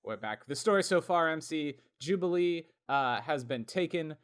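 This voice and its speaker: A man co-hosting a podcast in casual chat, talkative and quick to laugh, with plenty of fillers. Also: fairly high pitch, expressive, a bit bright, clear, resonant tone. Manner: chatty, laughs often, lots of fillers. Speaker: podcast co-host.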